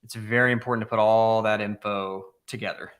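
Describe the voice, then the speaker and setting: A man's voice: fairly low pitch, steady tone, a little fast, fairly bright tone. A man co-hosting a live real estate talk show in a loose, conversational way, full of "you know" asides. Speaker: real estate podcast co-host. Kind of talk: casual business chat.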